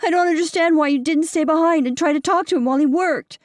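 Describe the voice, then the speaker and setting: A woman's voice: fast, dry recording, clean studio sound, close to an everyday voice. A woman narrator voicing a grieving teenage daughter who pleads through tears. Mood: accusing. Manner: high tearful pleading.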